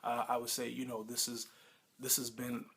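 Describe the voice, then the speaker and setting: Husky-voiced man rambling through a review. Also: mid-range voice, monotone, normal speed, a bit bright. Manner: rambling, plain-spoken recap. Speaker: TV episode reviewer. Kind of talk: casual spoken review.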